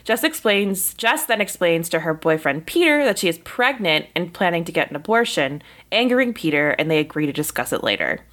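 A female podcast co-host chats excitably and laughs easily, then reads a plot summary aloud. Her voice sits on the low side for a woman but swoops up and down with lots of animation. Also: fairly quick, few pauses. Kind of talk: casual chat and reading a synopsis aloud.

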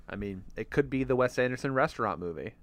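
A man's voice: medium pitch, animated, fast talker. A man co-hosting a casual film podcast, chatty and teasing, laughing often as he talks. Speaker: podcast co-host.

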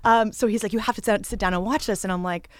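A woman's voice: mid-range voice, quick pace, no echo, studio quality. A woman in casual chat, telling an anecdote and acting out what people said. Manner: animated storyteller who acts out quotes.

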